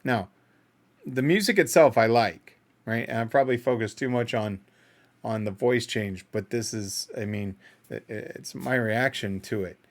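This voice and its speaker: A man's voice: mid-range voice, unhurried. A man hosting a casual music reaction video, thinking aloud in an analytical, self-doubting way.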